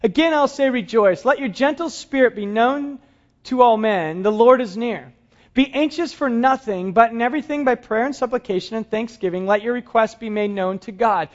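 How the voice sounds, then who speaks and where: A pastor preaching a sermon to his congregation, moving between soft, quiet lines and emphatic, raised passages. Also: extremely high pitch, normal speed, dull audio. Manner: dramatic shifts between soft and emphatic delivery.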